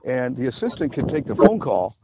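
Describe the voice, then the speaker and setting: A man's voice: mid-range voice, very animated, a little fast, natural voice. A man voicing an overworked lawyer on a date, weary and complaining about his job. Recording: tinny phone-like sound, faint hiss.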